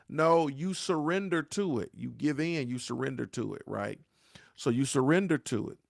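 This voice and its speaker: A man's voice: a little high, vocal fry, no echo, clean studio sound. A man giving a motivational talk on grief, with a preacher-like cadence, repeating his phrases and calling his listeners "y'all.". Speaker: grief speaker.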